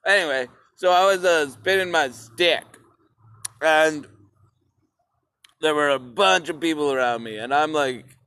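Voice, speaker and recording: Man, solo podcast host outside, slow profane rambler, slightly high voice. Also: pushed and bright, clean tone, dry recording. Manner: rambling and profane, addresses listeners as "peoples". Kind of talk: casual solo podcast monologue. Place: outdoors.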